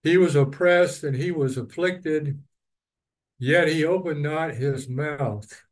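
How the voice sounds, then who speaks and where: Slow-speaking man teaching a Bible study. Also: fairly high pitch, poor audio. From East Texas. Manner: unhurried, reads verses then explains with asides.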